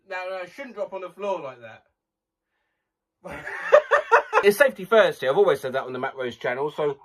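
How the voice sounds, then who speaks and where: A man hosting a comic video, excitable and swearing as he tries silly sound requests. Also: a little high, noisy background. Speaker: YouTube host. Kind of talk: comic vlog reading out viewer sound requests.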